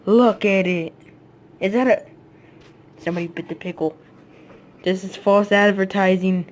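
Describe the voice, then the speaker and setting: A creator narrating a comedy toy video in a casual, low, mumbling way with many hesitant fillers. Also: steady tone, moderate pace, pauses often.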